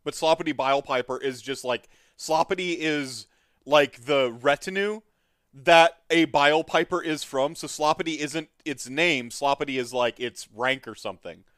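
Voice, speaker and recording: A man's voice: on the high side, moderate pace, fairly bright tone, dry recording, clean studio sound. A man hosting a casual hobby podcast, talking in a rambling, friendly way with lots of filler words and frequent laughs. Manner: laughs often, friendly and upbeat. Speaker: podcast host.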